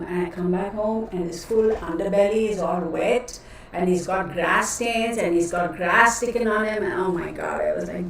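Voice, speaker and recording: A woman's voice: medium pitch, fairly even intonation, moderate pace. A chatty woman runs a casual live stream and rambles to her viewers, calling them y'all. Her voice bounces around a heavily echoing room and sits well back from the microphone. A faint hiss runs underneath. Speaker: tarot reader hosting a live stream. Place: cluttered home room she works from. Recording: echoey room, voice distant from mic, faint noise.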